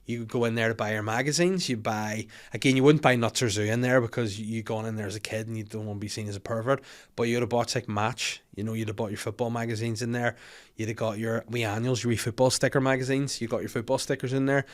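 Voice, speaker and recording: A man's voice: medium pitch, steady tone, quick pace. A young man with a Northern Irish accent hosting a comedy podcast, rambling and jokey with crude asides. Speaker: podcast host. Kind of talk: casual comedic chat.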